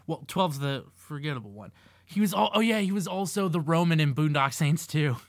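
A man co-hosting a pop-culture podcast, chatting casually with animated, laughing delivery and swearing. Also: fairly high pitch, brisk, dry recording, studio quality. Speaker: podcast co-host. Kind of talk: casual chat.

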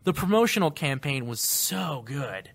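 A man's voice: fairly high pitch, very animated, moderate pace. A man hosting a casual group chat, telling stories animatedly and laughing often. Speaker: podcast host.

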